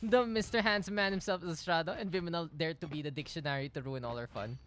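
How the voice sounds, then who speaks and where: A man co-casting an esports match in casual banter, playful and teasing with quick laughs. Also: fairly high pitch, background noise. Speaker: esports caster.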